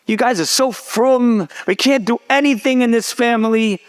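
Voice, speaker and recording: A man's voice: very high voice, moderate pace, clean tone, voice pushed up. A man voicing his frustrated thirteen-year-old daughter, whiny and exasperated.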